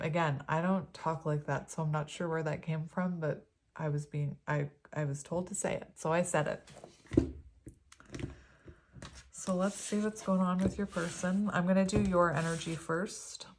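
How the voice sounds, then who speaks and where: A woman reading tarot cards for viewers, chatty and gushing, with many pauses and restarts. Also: deep voice, noisy background. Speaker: tarot reader. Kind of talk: pick-a-card tarot reading.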